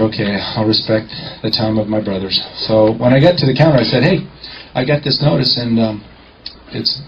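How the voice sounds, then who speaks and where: A man telling a lively courtroom-clerk story in a confident storytelling talk, acting out the dialogue. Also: on the low side, a little hiss or hum. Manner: animated, acts out dialogue, confident. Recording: muffled lo-fi recording.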